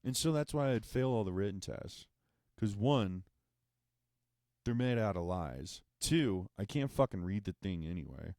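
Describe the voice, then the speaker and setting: Deep-voiced man on a profane rant. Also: animated, measured pace, a little mellow, no echo, studio quality. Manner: profane, sarcastic and exasperated. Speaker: podcast host. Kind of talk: ranting comedic monologue.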